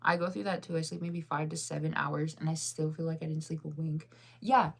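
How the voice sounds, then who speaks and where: A woman's voice: sits low, fairly even intonation, fairly quick, vocal fry, slightly rough. A tired woman in her thirties chatting casually as a vlogger, rambling and saying "like" a lot between yawns. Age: 30s. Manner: rambling, heavy use of "like". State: tired and yawning. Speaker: vlogger reading live chat. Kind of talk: casual chat.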